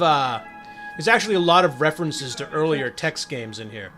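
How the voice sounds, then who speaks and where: A man's voice: a little high, lively intonation, normal speed, sharp tone, soft background music. A man giving casual, joking commentary while playing a game. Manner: joking, wry asides. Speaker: let's play streamer.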